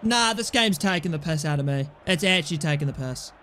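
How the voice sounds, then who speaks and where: A man's voice: on the high side, lively intonation, a little fast, pushed and bright, slight background noise. A young man playing a football video game and commentating, frustrated and swearing at his players. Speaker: gaming YouTuber.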